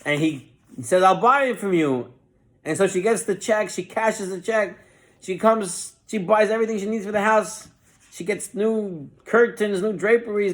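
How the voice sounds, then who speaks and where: A rabbi tells a parable in a Torah class. His voice sits a little high for a man and leaps up and down as he acts out each character's lines. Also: moderate pace. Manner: animated parable-telling with lively voiced quotes.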